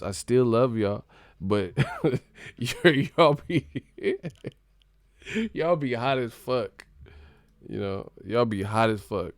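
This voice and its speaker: A man's voice: mid-range voice, takes it slowly, smooth, dry recording, clean studio sound. Laughing, joking man on a live stream. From California. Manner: joking, laughing often, profane, mimics voices. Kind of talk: casual live stream chat with chat readers.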